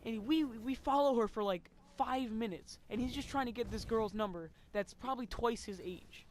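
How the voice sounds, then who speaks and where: Story time over gameplay, rambling, filler-heavy, casual swearing, middle-pitched voice. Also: normal speed, a little hiss or hum.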